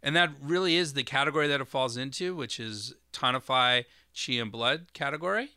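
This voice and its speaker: Bright-voiced man hosting an herbal podcast. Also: medium pitch, brisk, smooth, dry recording, studio quality. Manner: explanatory, with fillers and spelled-out terms. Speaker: podcast host. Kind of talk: solo educational podcast.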